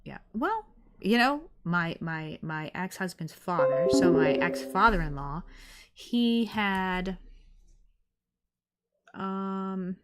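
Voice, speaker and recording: A woman's voice: fairly low pitch, lively intonation, takes it slowly, long pauses, over music. A middle-aged woman streaming, chatting casually and rambling with many fillers as she reads viewer comments. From United States.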